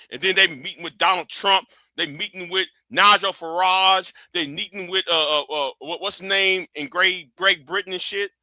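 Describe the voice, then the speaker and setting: A man's voice: high voice, bright, forceful tone, no room sound. A man hosting a livestream, giving a blunt, profane and emphatic commentary rant. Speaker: livestream host.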